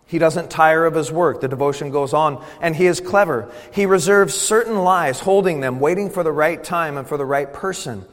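Man preaching in a reverberant sanctuary. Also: medium pitch. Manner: builds from calm reading to loud, emphatic preaching; drawn-out, deliberate emphasis on key words. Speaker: pastor. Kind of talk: sermon.

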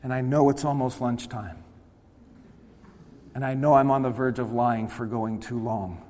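A man's voice: medium pitch, fairly even intonation, a little slow, warm tone. A man preaching a sermon to a congregation in a church, with impassioned, emphatic delivery. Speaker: pastor. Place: church sanctuary before a congregation. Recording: long hall reverb.

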